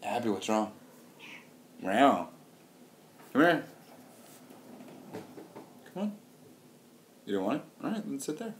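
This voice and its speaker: A man's voice: mid-range voice, big pitch swings, slow, pauses often, slight background noise. A man rambling on camera in a loose, crude comedic riff. He keeps restarting his sentences and drifts from one absurd idea to the next, playing with silly rhyming words. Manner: meandering, restarts often, riffs on silly wordplay. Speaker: vlogger.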